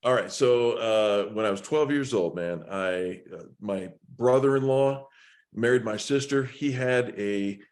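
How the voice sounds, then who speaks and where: Brief: guest in his thirties, slightly low male voice, laid-back and dry. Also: measured pace, darkish tone. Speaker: podcast guest, magician. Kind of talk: casual interview talk.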